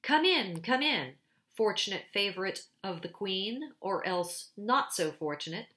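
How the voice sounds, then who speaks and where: Gruff wolf police chief, curt and threatening, voiced by a woman. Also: mid-range voice, measured pace, bright, forceful tone. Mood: mocking. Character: stern male wolf, chief of secret police.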